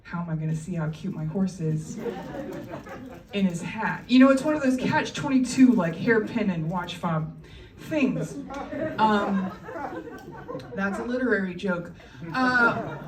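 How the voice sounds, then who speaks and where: A woman's voice: mid-range voice, recorded from a distance, a little hiss or hum. A woman doing a stand-up comedy set on a club stage, chatty and wry, often laughing between lines. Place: comedy club stage before a live audience. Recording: roomy live club recording, crowd and ambience behind.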